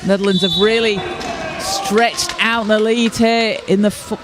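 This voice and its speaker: A man giving live play-by-play commentary from courtside at a basketball arena, steady and informative, with occasional restarts. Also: high-pitched, unhurried.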